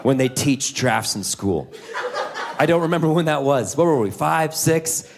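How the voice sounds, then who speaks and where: A man in his thirties doing a stand-up comedy set, animated, jumping into loud high-pitched voices for kids and teachers. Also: moderate pace, gravelly, noisy background. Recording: live in a theater with crowd laughter.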